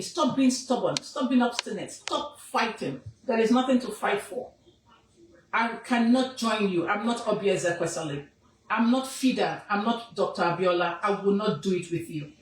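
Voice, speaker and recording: A woman's voice: mid-range voice, echoey room, distant mic, slight background noise, poor audio. A woman with a Nigerian accent, an activist making an impassioned, scolding statement with emphatic repetition.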